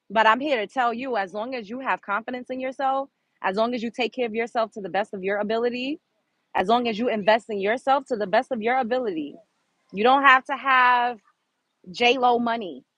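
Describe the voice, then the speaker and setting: A Brooklyn, New York woman hosts her own show and rants bluntly and profanely, unscripted, at her live chat. Her voice leans high, pushed and bright, at a moderate pace, and the recording is dry and low-quality.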